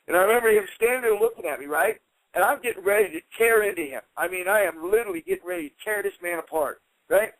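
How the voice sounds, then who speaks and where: A middle-aged man, a guest fighter, telling a story on a radio show with animated delivery, swearing and acting out the voices of others. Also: high-pitched, fast talker, no room sound, rough recording. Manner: swears, acts out quoted voices. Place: radio studio.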